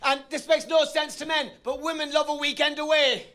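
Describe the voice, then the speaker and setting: A man's voice: extremely high pitch, little pitch movement, brisk, pushed and bright. A middle-aged Irish man doing a bawdy stand-up routine on a theatre stage, telling rowdy stories and bellowing his punchlines. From Ireland. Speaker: stand-up comedian.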